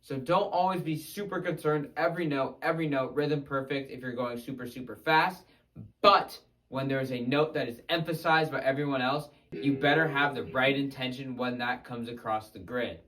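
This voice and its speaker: A man teaching guitar, talking through techniques in an energetic, conversational way. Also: medium pitch, moderate pace, low-quality recording. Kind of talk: instructional video narration.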